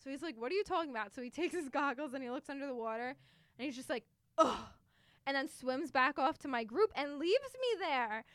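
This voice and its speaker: A woman's voice: high-pitched, fairly quick, no room sound, studio quality. A young woman co-hosting a podcast, chatting casually and telling stories with lots of laughter. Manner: giggly, animated storyteller. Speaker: podcast co-host. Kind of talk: casual chat.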